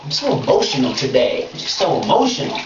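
Woman, comedic monologue host, lively swooping pitch, mock-outraged, roomy bathroom echo, distant lo-fi mic. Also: fast, noisy background. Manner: animated, swings from playful to mock-outraged. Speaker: comedic web show host. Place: bathroom, in a bathtub. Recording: roomy, distant, dull lo-fi sound.

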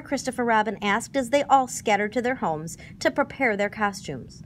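Woman reading a storybook with lively expression. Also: fairly high pitch, moderate pace, slight background noise. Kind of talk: reading a children's book aloud.

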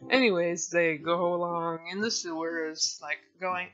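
A man's voice: fairly high pitch, fairly even intonation, unhurried, bright, forceful tone. A man rambling through a casual summary, hesitant and self-deprecating, full of fillers and restarts. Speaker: video creator summarizing a book. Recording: dull lo-fi recording.

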